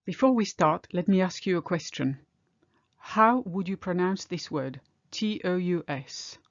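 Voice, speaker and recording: French woman teaching pronunciation, lowish voice, slow careful examples, kinda dull dry audio. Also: dry recording. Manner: clear, deliberate, slows down on example words. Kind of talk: pronunciation lesson.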